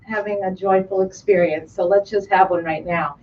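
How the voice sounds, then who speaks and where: A woman's voice: medium pitch, steady tone, moderate pace, darkish tone, dull audio, faint music behind. A woman giving an emotional, effusive acceptance speech at an awards event, recorded from a distance. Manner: heartfelt, effusive. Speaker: award recipient.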